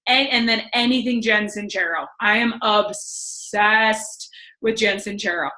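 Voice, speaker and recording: A woman's voice: medium pitch, a little slow, bright, forceful tone. A young woman giving a casual motivational talk on a team call, enthusiastic and chatty, with many "like" fillers. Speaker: guest speaker on a team call. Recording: echoey room.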